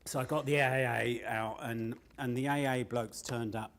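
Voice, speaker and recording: A man's voice: mid-range voice, fairly even intonation, normal speed, creaky, a bit bright. Man telling a rambling stand-up story. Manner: swearing, rambling, breaks into laughter. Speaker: stand-up comedian.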